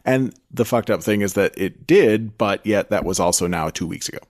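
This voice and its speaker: A man co-hosting a podcast in relaxed conversation, with a somewhat low voice recorded dry and close. He rambles, laughs often and swears casually. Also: moderate pace, no room sound. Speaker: podcast co-host. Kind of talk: casual chat.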